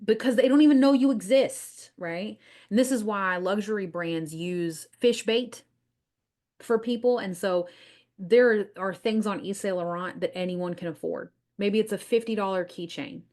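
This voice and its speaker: A woman's voice: mid-range voice, a little slow, darkish tone. A woman with a Southern US accent hosting a business podcast, speaking confidently and emphatically about marketing and acting out what clients say. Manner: confident, emphatic, acts out clients in quoted voices. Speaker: podcast host, business coach.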